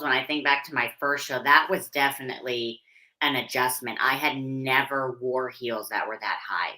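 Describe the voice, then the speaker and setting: A woman's voice: very deep voice, pushed and bright, low-quality recording. A young adult woman from Pennsylvania, chatting candidly as an interview guest and laughing easily. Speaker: interview guest, figure competitor and posing coach. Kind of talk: casual interview chat.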